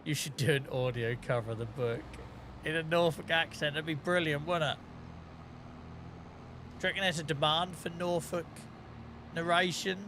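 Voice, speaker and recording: A man's voice: fairly high pitch, steady tone, moderate pace, pauses often, fairly bright tone, a little hiss or hum. A man giving casual, joking commentary while streaming a farming game, rambling and laughing often.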